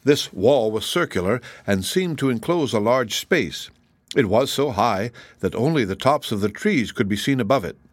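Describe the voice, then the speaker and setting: A man narrating a children's book chapter in a steady, measured reading. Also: mid-range voice, no room sound. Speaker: audiobook narrator. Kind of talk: scripted narration.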